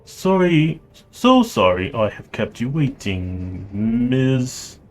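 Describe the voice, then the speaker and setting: A man voicing a pleasant, cultured mechanic with a light Russian accent, polite and measured. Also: medium pitch, big pitch swings, soft background music.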